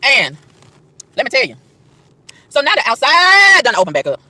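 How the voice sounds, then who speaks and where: A woman's voice: high-pitched, wildly swooping pitch, moderate pace, sharp tone, dry recording. A woman outdoors in a park, delivering an emphatic, preachy rant to camera, firing rhetorical questions and tripping over repeated words. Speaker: vlogger.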